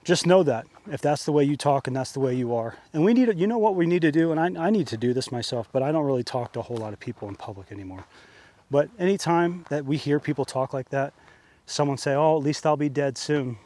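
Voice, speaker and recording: A man's voice: a little high, expressive, fast, dark tone. A man delivering an angry, profane monologue rant, fired up and sweating, repeating himself for emphasis. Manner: heated, profane, repetitive ranting. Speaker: vlogger. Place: outdoors under an open sky.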